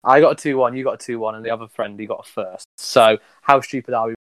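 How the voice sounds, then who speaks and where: A man's voice: medium pitch, steady tone, fast, no echo. A young man bantering on a casual podcast, teasing and upbeat. His voice sounds close and dry, with no room around it. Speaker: podcast co-host. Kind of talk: casual chat.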